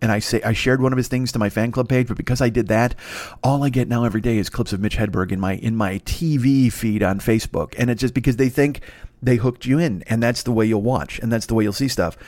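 A man hosting a solo comedy podcast, ranting in a profane, exasperated way that climbs into high indignant bursts. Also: fairly even intonation, fast talker, darkish tone, dry recording. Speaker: podcast host.

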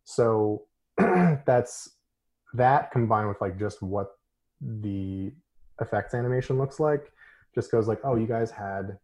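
A man with a fairly low voice chats casually about an animated film. He talks with open enthusiasm, often laughing and filling his sentences with "like." His delivery is loose and conversational. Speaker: podcast co-host. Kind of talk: casual chat.

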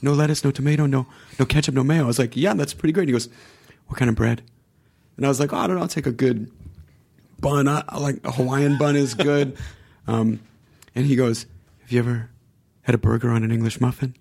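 A man's voice: medium pitch, brisk, vocal fry, pauses often. A man who is a guest on a podcast, chatting casually and acting out the people in his anecdotes. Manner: animated storyteller, acts out quoted voices.

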